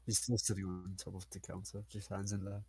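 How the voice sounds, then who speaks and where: A player making quiet, deadpan asides and short in-game statements. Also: low-pitched, brisk, breathy edge.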